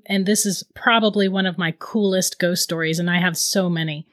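A woman in her thirties telling a ghost story in casual chat, animated and laughing often. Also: medium pitch, moderate pace.

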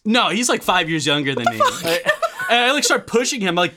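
A young man with a bright, lively voice recounting a tale on a casual podcast. He talks in animated bursts, stacking likes and restarts as he goes. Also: high-pitched, fast, slight background noise. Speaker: podcast guest. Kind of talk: casual chat, storytelling.

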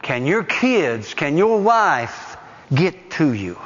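A male pastor preaching a sermon emphatically, rising loud and dropping soft. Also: on the high side, sing-song, a little slow, long reverb tail, lo-fi sound. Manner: emphatic, dynamic preaching with sudden loud rises and soft drops.

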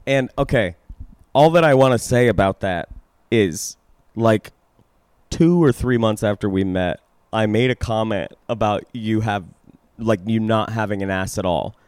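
A young man co-hosting a podcast, talking casually in a laid-back way, laughing often and pausing with fillers. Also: fairly low pitch, darkish tone, smooth, no room sound. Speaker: podcast co-host. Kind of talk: casual chat.

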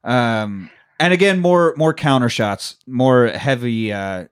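A podcast co-host speaks slowly in a medium-pitched, clean-toned voice. He casually recaps a film, swearing freely, joking, laughing often, and acting out scenes.

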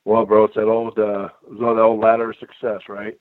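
An older man tells road stories with loose, animated energy and keeps tossing in "bro" and "man." His voice comes through a thin, phone-like line. The sound is dry, with no room around it. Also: lowish voice, normal speed, no room sound. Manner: animated storyteller, says bro and man a lot. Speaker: guest, retired pro wrestler. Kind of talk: casual interview storytelling.

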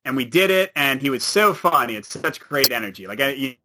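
A man chatting as a podcast guest, animated and laughing often. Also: mid-range voice, fairly quick, background noise. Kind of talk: casual chat.

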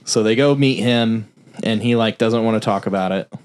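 A man's voice: fairly low pitch, smooth. A man casually recapping a film's plot on a podcast, swearing freely and acting out the characters' lines. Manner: loose, profane plot recap with quick voiced-out quotes. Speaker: podcast host recapping a film. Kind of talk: casual film review chat.

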